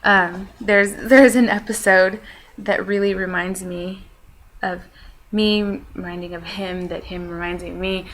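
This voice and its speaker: Bright-voiced young woman rambling casually. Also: mid-range voice, fairly even intonation, measured pace, low-quality recording. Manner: rambling, with many fillers; self-deprecating. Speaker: vlogger. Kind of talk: casual chat.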